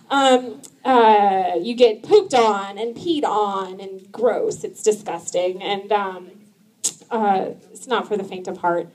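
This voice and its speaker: A woman in her thirties doing a stand-up comedy set, chatty and laughing often, with many likes and ums, jumping high when she quotes herself. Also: lively intonation, takes it slowly, darkish tone.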